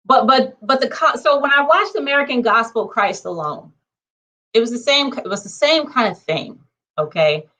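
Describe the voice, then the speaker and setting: A woman vlogger speaking in a casual monologue, conversational and animated, checking in with her viewers and counting off her points. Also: normal speed. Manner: conversational, punctuates points with "okay?" and numbered lists; animated, swings between low asides and excited high bursts.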